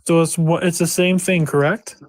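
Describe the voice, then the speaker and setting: A man in a casual voice-chat debate, explaining his point slowly and repeating himself step by step. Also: fairly high pitch, steady tone, no echo. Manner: slow, repetitive explaining, drawing out words.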